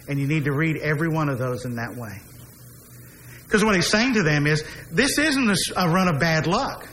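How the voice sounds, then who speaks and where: A man delivers a sermon in a fairly high voice, slowing down and leaning hard on key phrases. He lets repeated refrains fall low and quiet. Faint noise sits under the recording. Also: expressive, low-quality recording. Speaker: preacher. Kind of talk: expository sermon.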